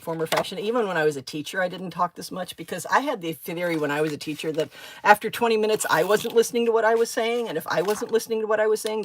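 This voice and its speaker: A woman's voice: lowish voice, slight background noise. A woman hosting a craft live stream from home, chatting casually with viewers by name and drifting from one thought to another. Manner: rambling, easily sidetracked, talks to viewers by name.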